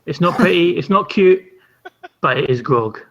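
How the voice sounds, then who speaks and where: A man's voice: high voice, lively intonation, moderate pace, vocal fry. A man on a casual panel, speaking hesitantly with many restarts. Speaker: panel guest. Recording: dull lo-fi sound.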